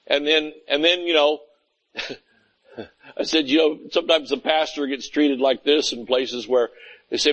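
A man's voice: a little high, normal speed, a bit bright, dull audio. A man preaching a conversational sermon, often asking "Amen?" and acting out little scenes of everyday talk. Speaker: pastor.

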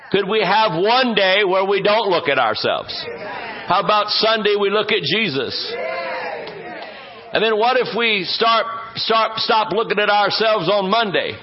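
A slightly high-voiced male pastor preaches in a folksy, joking way, drawing out words to stress them. The recording sounds dull and muffled. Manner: folksy, joking asides, stretches words for emphasis. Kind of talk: sermon.

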